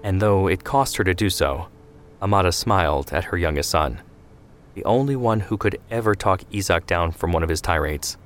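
A man reading a scripted historical story in a measured, steady way. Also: sits low. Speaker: narrator. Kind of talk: scripted narration.

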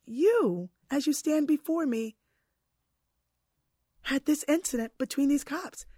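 A man's voice: very high-pitched, expressive, slow, warm tone, dry recording, studio quality, pitched above the performer's own voice, full character voice. A woman retelling a story, putting on the words of a stern male judge questioning a young girl in court.

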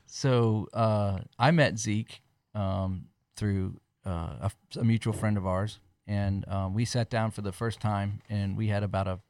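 A chatty man hosts a casual podcast, laughing often and rambling through restarted sentences. His voice sits a little low, recorded dry and close with almost no room sound. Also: steady tone, a little slow, few pauses, darkish tone, clean tone, no echo. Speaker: podcast host.

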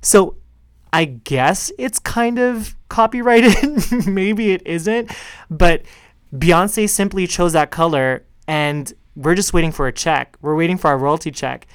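Male podcast host, sassy and chatty, smooth clear voice, dry close sound. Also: on the high side, unhurried, dry recording. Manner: sassy, chatty, calls listeners girl. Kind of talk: casual solo tennis podcast chat.

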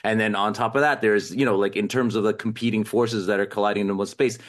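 A man with a lowish voice reviewing a film on a podcast. He talks through his points in a thoughtful, meandering way, full of fillers. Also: fairly even intonation, fast. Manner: thoughtful, rambling analysis with fillers. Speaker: film critic guest. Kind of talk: podcast discussion.

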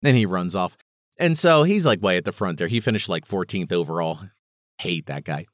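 Animated self-mocking man telling a story. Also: low-pitched, moderate pace, no echo, studio quality. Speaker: podcast host. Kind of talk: casual monologue.

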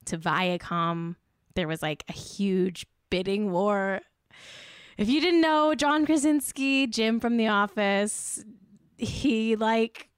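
A woman hosting a comedy podcast, delivering a sarcastic, exaggerated rant with deadpan asides. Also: mid-range voice, clear, resonant tone, dry recording, studio quality. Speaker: podcast host.

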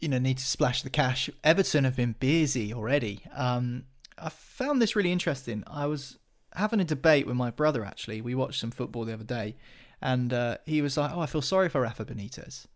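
A man's voice: mid-range voice, brisk, hardly any pauses. Chatty male football pundit. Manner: chatty, many restarts and fillers. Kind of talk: casual football chat.

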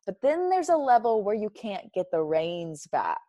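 A woman's voice: medium pitch, very animated, normal speed, mellow, no echo. Candid, emphatic woman with dry sound. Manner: reflective, emphatic, laughs easily. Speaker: interview guest. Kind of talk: candid personal conversation.

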